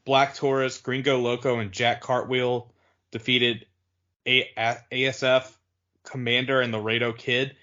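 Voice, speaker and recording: This man co-hosts a podcast in loose, rambling chat, leaning heavily on "like" and restarting often. His mid-range voice sounds pushed and bright, with a level tone and measured pace. The recording is dull lo-fi audio.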